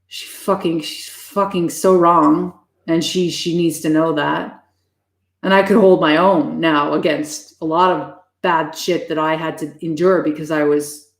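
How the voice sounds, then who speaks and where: Female streamer, lower register, profane and blunt with chat, roomy echo. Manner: profane, blunt and fast-shifting. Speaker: live streamer. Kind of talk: casual live-stream chat with viewers. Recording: echoey room.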